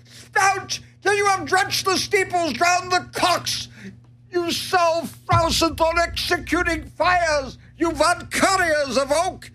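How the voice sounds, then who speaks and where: Shrieking, wailing madman in falsetto, theatrical and frantic. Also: steady tone, takes it slowly, bright, forceful tone, heavily acted. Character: hysterical grown man in a shrieking breakdown. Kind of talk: comic sketch.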